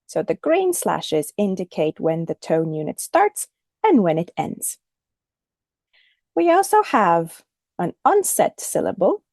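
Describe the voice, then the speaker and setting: A woman teaching a recorded lesson, speaking clearly and deliberately and modelling the intonation of example phrases. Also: on the low side, sing-song, a little mellow, dry recording, studio quality. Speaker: English teacher.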